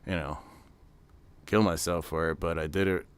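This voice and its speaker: This American streamer has a low, clean voice with fairly even intonation and a moderate pace. Hosting a relaxed reveal watch party, he chats and rambles, reading out what viewers type and answering them.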